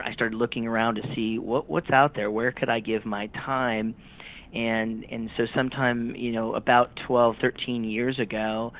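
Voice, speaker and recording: Man on a tinny call line. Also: on the low side. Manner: earnest, reflective. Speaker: nonprofit founder and guest. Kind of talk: casual podcast interview over a call.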